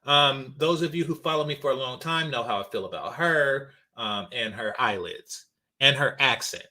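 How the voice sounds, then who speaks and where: A man's voice: mid-range voice, normal speed, bright, forceful tone. A man hosting a casual reaction commentary channel, talking bluntly with lots of fillers and restarts. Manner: blunt, rambling, frequent fillers.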